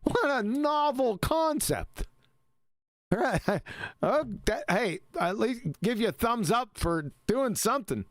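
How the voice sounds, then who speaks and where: A man's voice: high voice, lively intonation, measured pace, dry recording. A man hosting a voice-chat show, commenting on a debate clip in a mocking way and laughing often. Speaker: host.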